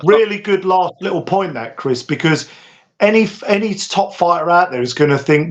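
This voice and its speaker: A British man co-hosting a casual chat, talking in an animated way with many restarts. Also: high voice, normal speed. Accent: British English. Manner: animated, acts out quotes with lots of restarts. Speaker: podcast co-host. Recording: dull lo-fi audio.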